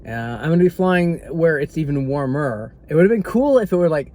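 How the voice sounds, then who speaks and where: A man's voice: fairly high pitch, expressive, fairly quick, a little mellow, a little hiss or hum. A man chatting casually as a travel vlogger, rambling and easily distracted, with dry joking asides. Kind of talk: casual vlog chat to camera.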